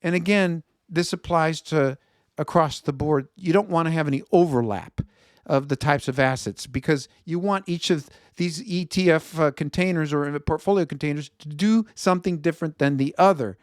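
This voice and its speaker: High-voiced Chicago-accented finance host. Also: male voice, normal speed, dry recording, clean studio sound. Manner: conversational, reads viewer feedback, self-correcting. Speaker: investment show host. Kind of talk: market commentary show.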